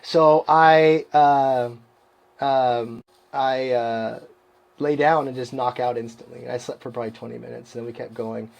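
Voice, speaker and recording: A man's voice: medium pitch, steady tone, measured pace, vocal fry, darkish tone, highs cut off. A man casually telling a long running story in a rambling, self-mocking way, often laughing at himself. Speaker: podcast guest.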